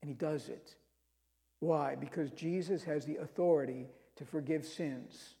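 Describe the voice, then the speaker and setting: A man's voice: on the high side, unhurried, creaky, mellow, big-room sound. A man preaching a sermon, retelling scripture stories with emphasis and reading verses aloud.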